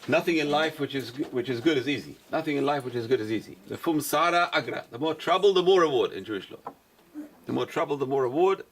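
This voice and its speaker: A rabbi lectures to a small class at a rapid clip. He drives points home by saying them twice, over a faint hiss in the background. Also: medium pitch. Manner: repeats key phrases for emphasis, animated. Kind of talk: lecture-style Torah class.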